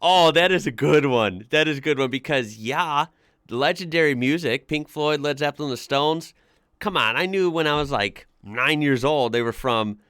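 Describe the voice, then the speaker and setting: A man who is a YouTuber, reading comments aloud and reacting to them in an animated way, laughing often. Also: medium pitch, moderate pace, dry recording, clean studio sound.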